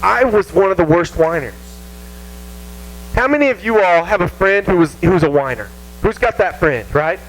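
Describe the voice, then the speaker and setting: A man with a Southern American accent preaching a casual, animated sermon to a youth group, poking fun at himself. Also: sits high, normal speed, slight background noise, low-quality recording. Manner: animated, self-mocking, acts out whiny voices. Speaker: youth pastor. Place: church youth room.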